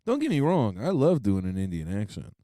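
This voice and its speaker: Podcast co-host, male, low dark voice, easygoing banter with lots of laughing, dry close sound. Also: huge pitch swings, fairly quick, no room sound. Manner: laid-back, laughs often, says "dude". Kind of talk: casual comedic banter.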